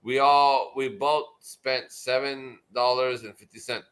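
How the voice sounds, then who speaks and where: A man's voice: mid-range voice, steady tone, unhurried, a bit bright, smooth. A drunk man hosting a casual livestream chat, rambling and swearing constantly with slurred words. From United States. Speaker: livestream host.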